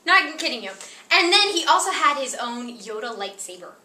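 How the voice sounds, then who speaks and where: A woman telling a comic story in an animated way, laughing and acting out exaggerated quotes. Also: sits high, brisk. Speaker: guest storyteller. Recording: roomy echo, distant mic, faint background noise.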